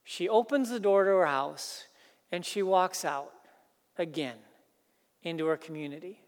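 High-voiced man preaching a sermon. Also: measured pace, big-room sound. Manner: earnest, building emphasis with repeated phrases. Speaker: pastor.

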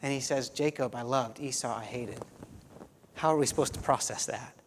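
Chatty pastor preaching in a reverberant hall. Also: male voice, mid-range voice, normal speed, a little hiss or hum. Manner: conversational, restarts phrases, peppered with "you know". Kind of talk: sermon.

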